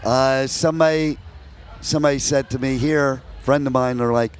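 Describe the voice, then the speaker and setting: A man's voice: medium pitch, steady tone, normal speed. An American man from New York and New Jersey, interviewing a band outdoors at a music festival in a chatty, joking way. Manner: chatty, jokey, laughs between stories.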